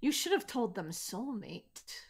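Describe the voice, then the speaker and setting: A woman's voice: on the high side, big pitch swings, takes it slowly, husky. A woman running a tabletop role-playing game, teasing the players. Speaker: game master.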